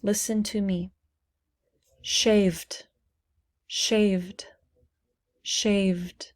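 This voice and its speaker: Very slow, carefully enunciating female teacher. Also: mid-range voice, steady tone. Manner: clearly enunciating single words for learners to repeat. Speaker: English teacher. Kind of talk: slow, deliberate pronunciation lesson.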